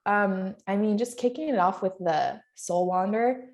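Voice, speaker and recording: Woman, podcast guest, candid storytelling, emotional, laughs often, gravelly fry. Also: medium pitch, measured pace, a little mellow.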